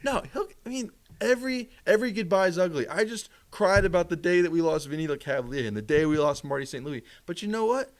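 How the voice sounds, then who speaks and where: Excitable man chatting about hockey. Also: high-pitched, fast, hardly any pauses. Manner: excitable, repeats himself, voice jumps up when worked up. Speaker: podcast co-host. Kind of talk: casual sports chat.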